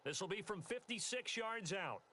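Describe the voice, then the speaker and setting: Video game football play-by-play announcer, steady, brisk, even calls, slightly high voice, faint hiss. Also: male voice. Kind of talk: scripted sports commentary.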